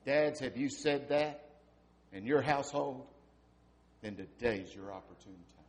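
A man in his fifties preaches a heartfelt sermon to his congregation. He drops to a near whisper, then builds to loud, emphatic peaks. His voice sits at an ordinary mid pitch. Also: a little slow. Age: 50s. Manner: impassioned, swinging from hushed to loud emphasis. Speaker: pastor.

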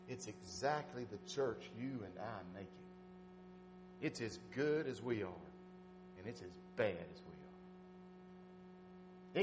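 A man preaching a sermon, telling folksy stories and swinging between loud urging and soft asides. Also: medium pitch, background noise. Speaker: pastor.

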